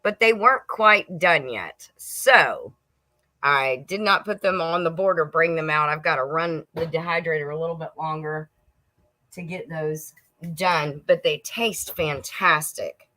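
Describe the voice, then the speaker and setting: Bright-voiced chatty homestead host woman. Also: low-pitched, measured pace. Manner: chatty, laughs and munches while talking to viewers. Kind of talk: casual livestream chat.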